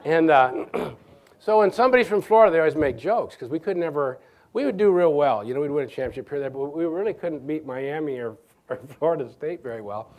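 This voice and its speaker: A middle-aged man from Nebraska giving an evening lecture as guest speaker, halting with many restarts and chuckling through his anecdotes. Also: a little high, lively intonation, a little mellow, a faint crowd. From Nebraska, USA.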